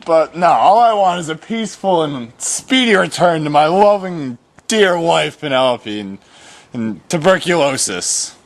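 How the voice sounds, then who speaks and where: A man's voice: on the high side, animated, measured pace. A young man playing a pompous, over-the-top hero in an amateur comedy film, speaking outdoors in a mock-heroic tone. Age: young adult. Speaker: lead actor playing the hero. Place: outdoors in a backyard.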